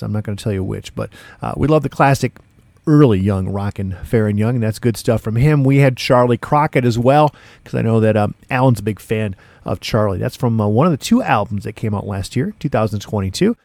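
A middle-aged man talks close to a studio mic as a radio host. His voice is gravelly and the sound is dry. He rambles with slang and fillers and gets excited in bursts. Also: medium pitch, no echo. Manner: excitable, laid-back hipster slang, many fillers. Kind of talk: casual radio show patter.

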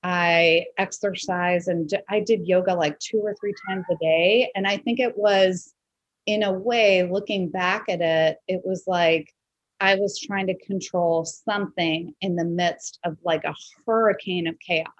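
A woman's voice: fairly low pitch, steady tone, a little slow, dry recording, muffled recording. A woman hosting a podcast interview, talking in a reflective, conversational way with many fillers. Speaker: podcast host. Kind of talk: casual interview chat.

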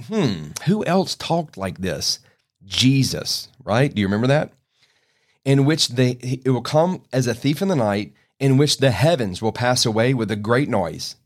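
Male preacher, earnest folksy sermon, emphatic bursts, mid-range voice. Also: mid-range voice. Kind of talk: sermon podcast with scripture reading.

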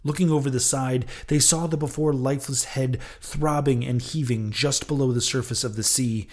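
A man narrating an audiobook of a classic novel in a dramatic, expressive reading. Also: mid-range voice, moderate pace.

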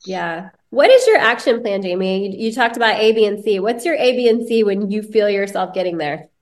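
A woman's voice: mid-range voice, animated, a little fast. A woman co-hosting a podcast, chatting enthusiastically with lots of filler words and asking the guest questions. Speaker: podcast co-host. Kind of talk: casual chat.

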